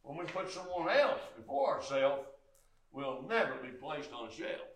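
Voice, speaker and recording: An older man preaching a sermon as pastor, in a folksy way, peppered with "amen" and swinging from quiet talk to loud exhortation. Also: fairly high pitch, sing-song, moderate pace, roomy sound, distant mic, rough recording. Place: church sanctuary.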